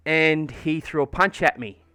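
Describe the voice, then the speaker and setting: A man's voice: a little high, unhurried, pushed and bright, clear, resonant tone, dry recording. An Australian man livestreaming from home, chatting casually and rambling through a story with plenty of swearing and fillers. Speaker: livestreamer painting miniatures. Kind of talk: casual chat while painting on stream.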